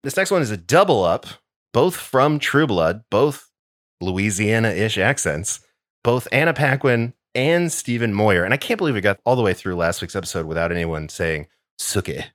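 Wry, low-voiced man co-hosting a podcast. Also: expressive, normal speed, a bit bright, dry recording, studio quality. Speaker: podcast co-host. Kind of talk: casual chat.

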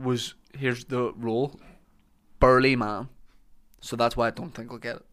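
A man's voice: mid-range voice, flat delivery, moderate pace, a bit bright. A man hosting a casual podcast chat, joking and teasing his guest. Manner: joking, teasing, breaks into laughter. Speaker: podcast host.

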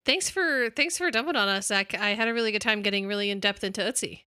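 A woman's voice: medium pitch, fast, pushed and bright, clear, resonant tone, dry recording, studio quality. A woman co-hosting a casual podcast, dropping blunt, wry quips. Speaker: podcast co-host.

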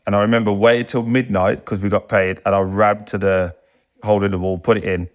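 This is a man in his thirties from whose voice sits low. He tells long, animated stories in a loose, conversational way, swears freely, and briefly mimics the people he quotes. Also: fairly quick. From England. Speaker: guest, football captain. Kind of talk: casual storytelling interview.

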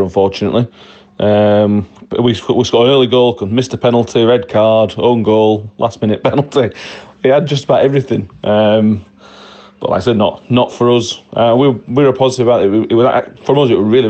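A man's voice: fairly low pitch, darkish tone, lo-fi sound. Upbeat male fan-podcast guest. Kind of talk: casual interview answers.

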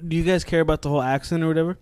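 A man's voice: a little high, steady tone, rapid-fire, darkish tone, smooth, no echo. A man co-hosting a podcast, talking in loose, profane, jokey banter with friends. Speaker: podcast co-host. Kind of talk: casual chat among friends.

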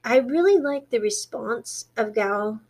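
A woman's voice: a little high, a little slow. A woman casually retelling a drama plot in a chatty, storytelling way, dropping her voice to quote the characters. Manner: chatty, animated storytelling, quiet quoted dialogue. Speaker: drama recap host.

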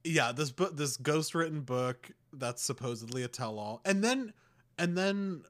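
A man's voice: a little high, expressive, measured pace, dry recording. A man co-hosting a podcast, chatting casually in a rambling way with lots of fillers. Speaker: podcast co-host. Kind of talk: casual chat.

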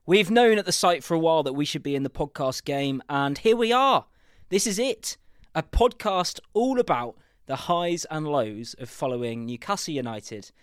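A man in his thirties with a southern English accent opens his podcast as host. His voice sits a little high. He talks in an upbeat, brisk way with a defiant edge, recorded close and dry with no room sound. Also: expressive, smooth, no echo. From England. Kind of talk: scripted podcast intro.

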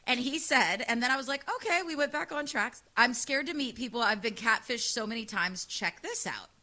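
Loud, sassy woman telling a story. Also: on the high side, lively intonation, moderate pace. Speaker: radio show host. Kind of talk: casual storytelling chat.

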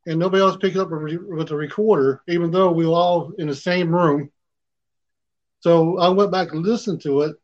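A man's voice: on the high side, fairly even intonation, moderate pace, a little mellow, muffled recording. A man, a paranormal investigator, telling his own story in plain, colloquial speech. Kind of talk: casual storytelling.

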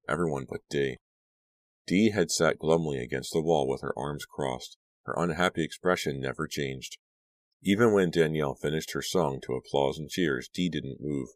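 A man narrates a horror audiobook in a steady, measured way. His voice is extremely low, and the recording is dry and close with no room sound. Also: no echo.

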